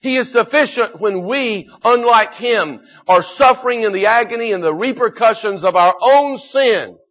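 A man preaching a sermon, moving between quiet solemn scripture reading and loud fervent exhortation. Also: sits high, normal speed, lo-fi sound. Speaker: pastor.

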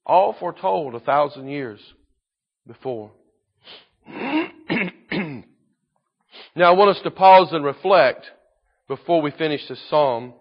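Man, pastor, sermon, high voice, hushed scripture reading and impassioned preaching. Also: lively intonation, takes it slowly, long pauses, highs cut off. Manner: builds from hushed solemn reading to loud fervent preaching.

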